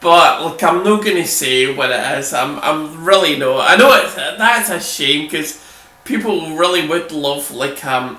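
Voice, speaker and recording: A man's voice: on the high side, lively intonation, a little slow, bright, forceful tone. A Scottish man giving rambling, sweary, casual commentary over his gameplay. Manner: rambling, sweary, chatty asides. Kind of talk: casual let's-play commentary. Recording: echoey room, distant mic, faint noise.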